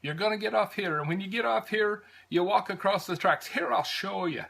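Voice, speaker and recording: An American man puts on a cheerful male Irish train conductor with a lilting brogue, pitched well above his own speaking voice. The figure is chatty and guiding, patiently telling travellers where to get off and where to cross. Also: fairly quick, gravelly, fairly bright tone, heavily acted. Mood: instructive, friendly. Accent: put-on Irish brogue.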